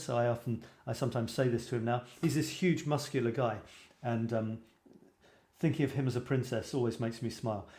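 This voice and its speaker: Chatting casually on a livestream, a British host of a photography show wanders off on tangents and makes self-deprecating jokes. His pitch is medium and his tone mellow, with echo from the room around him.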